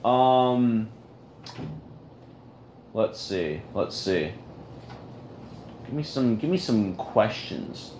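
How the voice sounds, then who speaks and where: A man's voice: lowish voice, expressive, very slow, pauses often, darkish tone, a little hiss or hum. A man hosting a casual audio chat, rambling in an ironic, self-mocking way. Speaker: host of an audio chat room.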